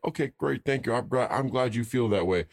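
A man's voice: medium pitch, fairly quick, vocal fry. A man co-hosting a casual talk show, explaining his points in an earnest, emphatic, coaching way. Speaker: podcast co-host. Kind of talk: casual chat.

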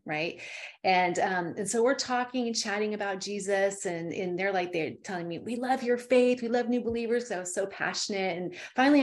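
A woman guest giving an animated, heartfelt faith testimony, full of asides and quoted dialogue. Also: fairly low pitch. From California. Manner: animated, fervent storyteller with many asides. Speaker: interview guest. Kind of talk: emotional testimony storytelling.

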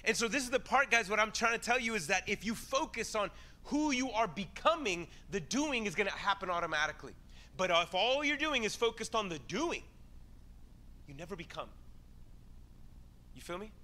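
A man preaching a sermon in a casual, animated way, acting out quick exchanges as he talks. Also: high voice. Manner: animated, conversational preaching, acts out voices. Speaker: pastor.

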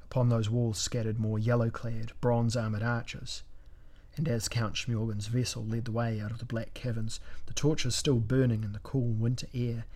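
A man narrating a fantasy battle story in a measured, dramatic audiobook reading. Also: mid-range voice, level tone, a little mellow.

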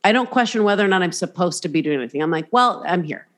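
A woman's voice: fairly low pitch, animated, rapid-fire. A woman hosting a podcast in casual chat, talking candidly, swearing freely and acting out voices as she tells stories. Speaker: podcast host.

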